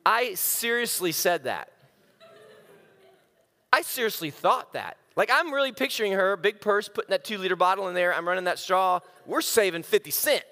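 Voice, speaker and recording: Animated man preaching in a hall. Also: high voice, moderate pace, vocal fry. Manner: animated and self-mocking, acting out quotes. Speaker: speaker. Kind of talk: humorous sermon storytelling.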